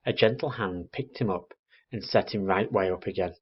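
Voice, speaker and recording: A low, husky-voiced male teacher reads a children's story aloud with expressive storytelling. The recording is dull and lo-fi. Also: moderate pace.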